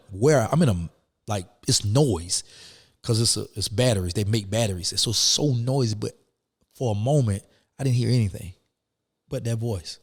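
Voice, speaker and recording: A man appears as a guest in a casual interview, telling his story animatedly and acting out the people he quotes. His voice is lowish and slightly rough, followed by a long reverb tail.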